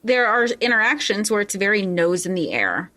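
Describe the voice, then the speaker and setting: A woman's voice: medium pitch, very animated, moderate pace, pushed and bright. Chatty woman podcast co-host. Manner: chatty, many fillers, explains at length. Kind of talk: casual book discussion.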